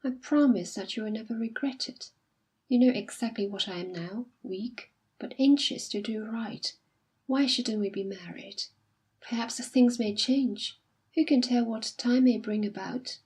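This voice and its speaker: A woman's voice: a little high, measured pace, a little mellow, breathy edge. A woman doing a remorseful, pleading young man. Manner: earnest, pleading. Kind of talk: audiobook reading.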